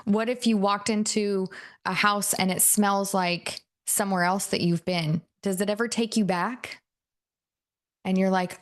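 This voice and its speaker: A woman's voice: mid-range voice, fairly even intonation, a little slow. A woman giving a live coaching talk to an audience, telling stories in a chatty way and often checking in with the listeners. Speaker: NLP and hypnosis coach.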